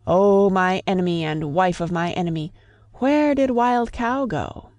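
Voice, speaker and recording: A woman's voice: fairly low pitch, a little slow, a little mellow, dry recording, lightly acted. A woman voicing a proud, sly male cat in a storybook reading, coaxing and scheming.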